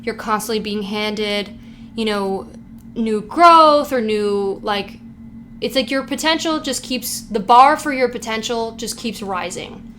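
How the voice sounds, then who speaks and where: A woman's voice: a little high, measured pace, a bit bright, a little hiss or hum. A woman giving a casual pick-a-card tarot reading, hyped up and swearing freely, with "like" in almost every sentence. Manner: hyped, profane, heavy use of "like". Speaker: tarot reader.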